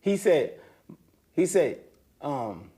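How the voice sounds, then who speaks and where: Speaking very slowly, a man from the United States answers as an interview guest in relaxed, slang-heavy conversation. He's animated, and his pitch shoots up when something excites him.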